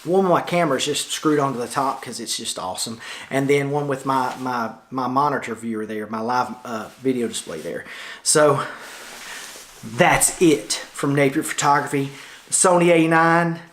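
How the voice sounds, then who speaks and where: A man's voice: mid-range voice, normal speed, fairly bright tone, slight background noise. A middle-aged man with a Tennessee Southern accent talks through his photography studio in a loose, chatty vlog, recorded indoors in the studio lounge on a camera-mounted shotgun mic. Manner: folksy, chatty, loose with many fillers. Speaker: photographer vlogger. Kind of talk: casual rambling vlog talk.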